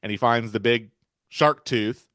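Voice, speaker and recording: A man's voice: mid-range voice, measured pace, fairly bright tone, smooth, no echo, clean studio sound. A man hosting a podcast, retelling film scenes in a rambling, casual way with chuckles. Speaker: podcast host.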